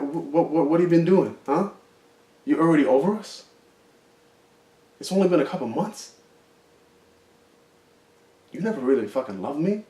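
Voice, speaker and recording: A man putting on a heartbroken young guy who rounds on his ex, his voice climbing and straining as he fires off bitter accusations. It is a rough improvised audition monologue, heard from a distance in a roomy space. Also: on the high side, warm tone, pitched above the performer's own voice, lightly acted. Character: angry young man confronting his ex-girlfriend.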